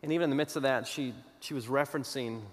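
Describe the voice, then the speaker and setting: A man preaching a sermon, telling a story with dramatic pauses and moving between loud declarations and hushed asides. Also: mid-range voice. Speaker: pastor. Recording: long hall reverb.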